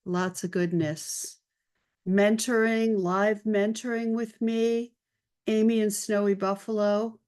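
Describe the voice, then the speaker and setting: A woman's voice: medium pitch, little pitch movement, measured pace, a little mellow. A woman hosting a live video-call session as an art career mentor, chatting upbeat with viewers and greeting them by name. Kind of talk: live-stream chat with viewers.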